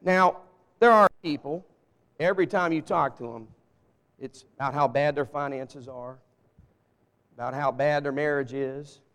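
A pastor from Arkansas preaches a humorous, folksy sermon in a Southern accent, speaking directly to a live congregation in a church sanctuary. His voice is fairly high and a bit bright, echoing in the large hall.

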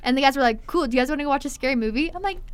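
A young woman telling a story in casual chat, animated, acting out quotes and saying "like" a lot. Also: high voice, racing. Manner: animated, acts out quotes, heavy filler "like". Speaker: storyteller guest.

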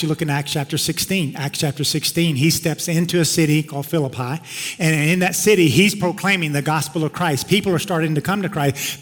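A man's voice: on the high side, fairly bright tone. A male pastor preaching a sermon, telling stories in a conversational, emphatic way. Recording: long hall reverb.

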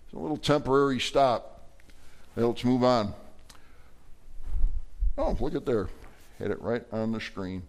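Male pastor, middle-aged, animated folksy sermon delivery, mid-range voice. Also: medium pitch, a little slow, creaky, pauses often. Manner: folksy, animated preaching with playful asides.

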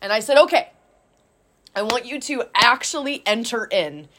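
An animated woman coach tells a story in relaxed conversation. She acts out what others said and sprinkles in "like" constantly. Her voice sits a little high. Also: normal speed, slight background noise. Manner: animated, acts out quotes with lots of "like". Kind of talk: casual storytelling chat.

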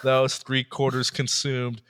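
A man's voice: mid-range voice, monotone, a little slow, fairly bright tone, clear, resonant tone. A man co-hosting a podcast, casually recounting odd news stories, laughing often and slipping into mock voices. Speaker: podcast co-host.

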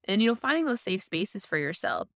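A woman's voice: mid-range voice, sing-song, brisk, fairly bright tone, no room sound, clean studio sound. Reflective woman sharing personal experience. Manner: reflective, personal, hesitant restarts. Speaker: co-host. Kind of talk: casual podcast chat, reflective.

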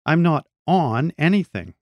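A man's voice: a little high, big pitch swings, unhurried, dry recording, highs cut off, voice pushed up. A martyrish old mother, read by a man. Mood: indignant. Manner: indignant, quietly suffering. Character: elderly mother, frail, martyrish and stagey. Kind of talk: reading own short story aloud.

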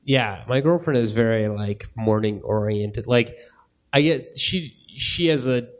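A man's voice: mid-range voice, measured pace. A man, a comedian guest, chatting casually in a rambling, hesitant way. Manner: rambling, hesitant, lots of fillers and laughs. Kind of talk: casual chat.

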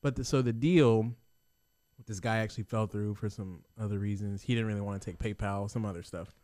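A man's voice: fairly low pitch, fairly even intonation, a little fast, a little mellow, no echo, studio quality. A young man co-hosting a podcast in laid-back casual chat. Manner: laid-back, says "bro". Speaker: podcast co-host.

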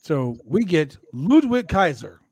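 A man's voice: slow, husky, dry recording. A man hosting a podcast, recapping wrestling in a loose, joking way and acting out quoted lines. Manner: animated, jokey, acts out quoted lines in high voices. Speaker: podcast host. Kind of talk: casual wrestling recap chat.

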